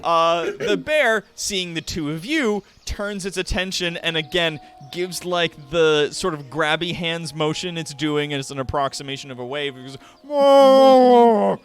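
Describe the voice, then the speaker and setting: Running a tabletop game, this game master takes his time narrating, leaning on plenty of fillers and breaking into frequent laughter. His voice sits a little high, with a sharp yet smooth tone.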